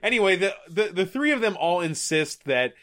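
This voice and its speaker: A man with a bright, slightly high voice, chatting casually about a movie. He retells scenes in quick bursts and laughs now and then. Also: big pitch swings. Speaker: podcast co-host. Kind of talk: casual movie-review banter.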